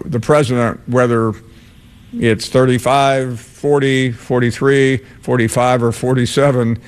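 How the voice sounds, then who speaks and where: A man hosting a sports call-in radio show, answering callers in a measured, relaxed way. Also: medium pitch. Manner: measured, relaxed, frequent uh fillers. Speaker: radio sports talk host.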